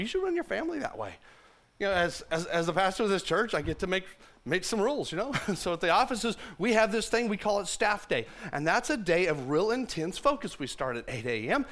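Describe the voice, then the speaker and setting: A pastor in his fifties preaching a sermon in a conversational, joking way, dropping to a hush and rising to loud bursts. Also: high voice. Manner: conversational and jokey, shifting from hushed to loud.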